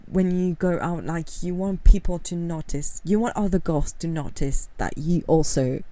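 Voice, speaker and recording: A woman giving casual talking-head commentary for a video essay, candid and rambling, with many fillers and soft laughs. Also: lowish voice, normal speed, no room sound.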